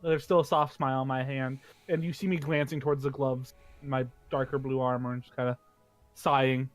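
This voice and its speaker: A man's voice: medium pitch, flat delivery, fairly quick, no echo, faint music behind. A man playing in a tabletop game, animatedly narrating what his character does. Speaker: player.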